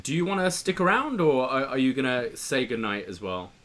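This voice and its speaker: A man's voice: mid-range voice, sing-song, fairly quick, fairly bright tone, a little hiss or hum. A man co-hosting a live podcast stream, running things in an easygoing way with many fillers. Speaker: podcast co-host. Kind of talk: casual chat on a live stream.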